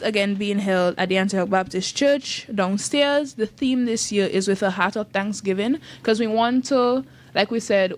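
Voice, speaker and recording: A woman, a youth group leader chatting on a radio show in an upbeat, laughing way. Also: mid-range voice. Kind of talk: casual radio chat promoting an event. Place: radio studio.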